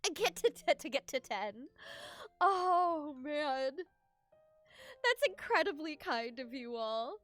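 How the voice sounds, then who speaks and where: A woman's voice: high voice, animated, slow, a bit bright, no echo, soft background music. A young woman streaming a game, chatting casually with her viewers and giggling often as she gushes her thanks.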